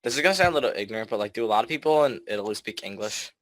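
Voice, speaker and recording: A man's voice: on the low side, expressive, racing, a crowd in the background. A teenage boy chatting casually as a podcast co-host, making blunt, wry asides. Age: teens. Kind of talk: casual chat.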